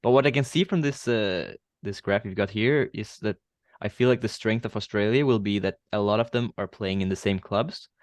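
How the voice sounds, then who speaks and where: A man from Denmark with a Danish accent, a guest fan chatting casually, relaxed and hesitant with fillers. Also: lowish voice, normal speed, dry recording. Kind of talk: casual chat.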